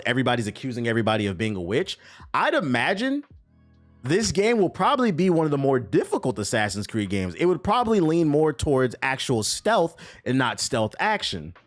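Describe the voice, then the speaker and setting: A man's voice: mid-range voice, normal speed, faint music behind. A man streaming about gaming news, ranting and joking with lots of swearing and sarcasm. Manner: animated, swearing, sarcastic, laughs often. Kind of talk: casual profane reaction rant.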